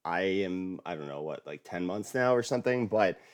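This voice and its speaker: A man with a lowish voice talks in a casual podcast chat. He pokes fun at himself, stays earnest and stretches out the words he stresses. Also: lively intonation. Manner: self-mocking, earnest, drawn-out emphasis.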